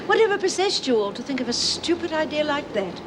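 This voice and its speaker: An actress playing a gentle, worried female prisoner. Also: high voice, very animated, a little fast. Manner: fretful, gentle. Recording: noisy old TV soundtrack.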